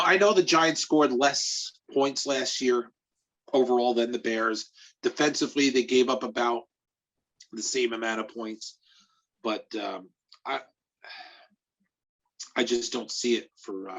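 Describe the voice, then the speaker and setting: A man who writes about sports talks through his picks on a casual podcast, halting and restarting as he thinks. His voice is husky and mid-pitched. The recording sounds dull and lo-fi. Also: a bit bright. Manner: hesitant, halting.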